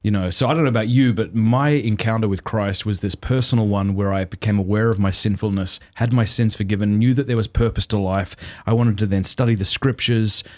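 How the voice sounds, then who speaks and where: A man's voice: on the low side, a little fast, few pauses, a little mellow. A man with an Australian accent hosting a podcast, playful and jokey. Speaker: podcast host. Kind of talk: casual podcast chat.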